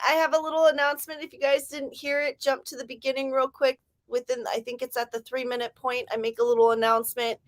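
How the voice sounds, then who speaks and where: A young woman from California, her accent drifting Southern, chatting casually with viewers as she hosts a writing livestream and greets them with sudden excited calls. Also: high voice. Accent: American, California drifting Southern.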